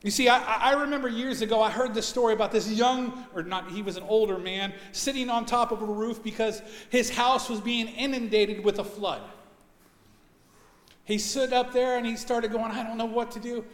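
A male pastor preaching a sermon in a church, telling a story with animated, emphatic delivery. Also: very high voice, moderate pace. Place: church sanctuary. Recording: echoey church hall.

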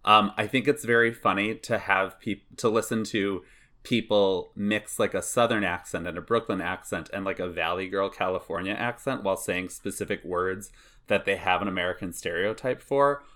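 A man co-hosting a podcast, chatting casually and giving animated, drawn-out emphasis. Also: sits low. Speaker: podcast co-host.

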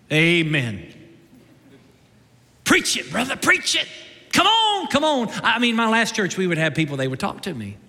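Animated joking pastor preaching in a hall. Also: male voice, high-pitched. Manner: animated, joking, swings into loud shouts and mock voices. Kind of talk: sermon. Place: church sanctuary.

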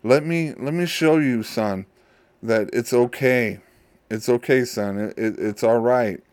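A man's voice: medium pitch, measured pace, a little mellow, no echo, lightly acted. A man doing a tender, forgiving old father. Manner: tender, reassuring, repeating himself. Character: loving forgiving elderly father.

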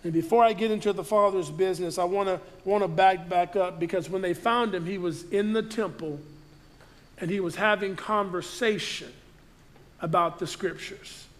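Male pastor with a high voice, preaching and reading scripture, restarting his phrases often. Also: moderate pace. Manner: reads scripture aloud and riffs on it, with many restarts. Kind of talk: sermon.

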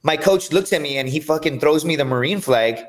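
Profane, energetic man telling fight stories. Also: a little high, fairly quick. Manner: profane, energetic, rambling storyteller. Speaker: podcast guest, MMA fighter. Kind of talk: casual storytelling chat.

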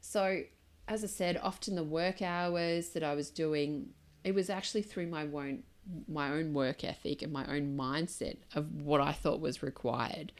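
A woman's voice: low-pitched, unhurried. A woman in her thirties hosting a solo podcast, talking candidly and reflectively in a loose, conversational way full of asides. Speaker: podcast host.

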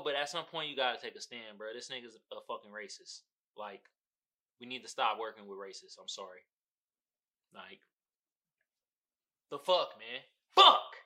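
Alone on his podcast, a man launches into a heated, casual rant packed with swearing. He shifts between loud outbursts and low mutters, his lively, swooping voice carrying a very bright, sharp edge.

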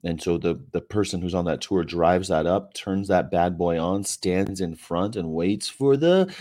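Low-voiced sarcastic man livestreaming. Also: expressive, normal speed, hardly any pauses, warm tone. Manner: sarcastic, joking, rambling. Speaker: vegan activist livestream host. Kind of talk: casual livestream chat reading viewer comments. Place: hotel room.

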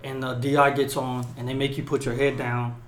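A young man co-hosting a podcast, telling profane, animated stories in casual chat and acting out yelling drill instructors. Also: mid-range voice, brisk, reverberant. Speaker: podcast co-host.

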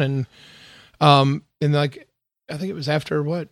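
Casting: laid-back man from Louisville, slightly higher voice, crude humor, dry close mic. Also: steady tone, moderate pace, no room sound. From Louisville, Kentucky. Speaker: guest drummer. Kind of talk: casual podcast chat. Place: outdoors.

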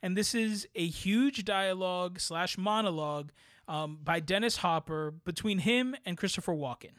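A man co-hosting a podcast, reviewing a movie in casual chat, rambling and animated, often tagging "right?" onto his points. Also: sits high, normal speed, no echo, studio quality. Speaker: podcast co-host.

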